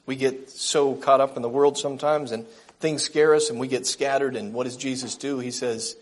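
A man preaching a gentle, earnest sermon, slowing down for emphasis and reading a story aloud. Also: medium pitch, fairly even intonation.

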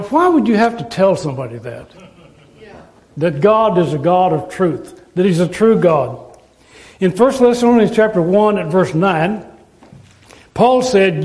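Man, pastor, sermon, earnest, lightly high voice, verse-by-verse, emphatic slow quotes. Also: a little mellow, poor audio.

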